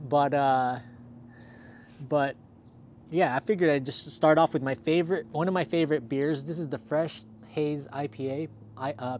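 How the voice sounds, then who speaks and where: A man's voice: a little high, a little mellow, a little hiss or hum. A man hosting a casual livestream, upbeat and chatty, thanking viewers by name, a little out of breath. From Southern California. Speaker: livestream host. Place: outdoors in cold weather.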